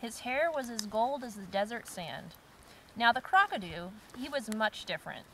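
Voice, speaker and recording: Woman, casual campfire co-host, giggly, lively reader, faint background noise. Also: a little high, normal speed, poor audio. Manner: giggly, animated storytelling. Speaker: co-host reading listener stories. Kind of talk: casual chat, reading aloud. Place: outdoors by a campfire.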